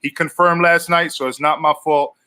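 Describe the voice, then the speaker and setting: A man hosting an online interview show, talking quickly and loosely, calling his guest brother. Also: on the high side, little pitch movement, bright, forceful tone, clean tone. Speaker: show host.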